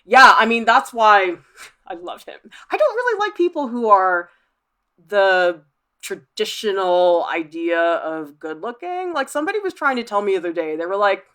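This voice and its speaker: A woman art professor hosting a livestream, reading viewer comments aloud and chatting back in a lively, laughing way. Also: medium pitch, moderate pace. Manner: chatty, animated, laughs often.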